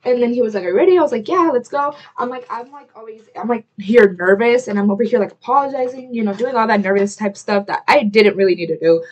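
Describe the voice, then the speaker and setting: A woman's voice: fairly high pitch, highs cut off. Rambling young woman's storytime chat. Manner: rambling, heavy use of "like", self-interrupting; quick to apologize, chatty asides to camera. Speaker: vlogger. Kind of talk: casual storytime while getting ready.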